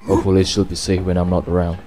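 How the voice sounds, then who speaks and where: A man's voice: low-pitched, monotone, fast, warm tone, a little hiss or hum. A man commentating his gameplay casually, playfully polite and chatting to the characters. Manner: chivalrous, playfully polite, talks to game characters. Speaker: gameplay streamer. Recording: voice over game music.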